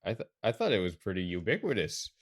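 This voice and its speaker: A man's voice: lowish voice, big pitch swings, fast, no echo. A man playing a tabletop game, dry and joking. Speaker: player.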